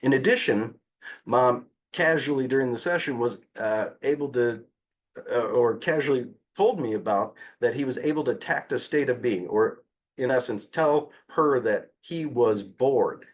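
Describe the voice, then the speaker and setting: A man giving a conference talk as a behavior analyst, telling fieldwork stories in an animated way with frequent "uh" fillers. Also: medium pitch, measured pace.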